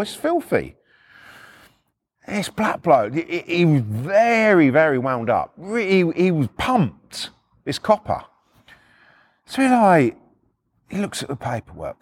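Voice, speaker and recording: Brief: middle-aged male storyteller, blunt and sweary, animated pitch, slightly raised voice, dry close sound. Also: slightly rough, no echo. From United Kingdom. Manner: blunt, swearing, acts out quotes with shifts in pitch. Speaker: podcast storyteller. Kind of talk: casual first-person storytelling.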